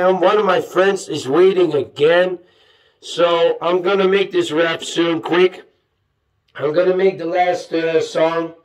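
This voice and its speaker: A man from Afghanistan, an amateur rapper, talks in a casual, rambling way, excited and full of hype, as he shows off something new on his vlog. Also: on the high side.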